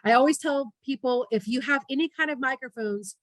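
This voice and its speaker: A woman with a fairly high voice leads an online public speaking workshop. She coaches with energy and lands hard on her key words. Her voice comes through a video call with a dry, close sound. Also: brisk, few pauses, dry recording, rough recording.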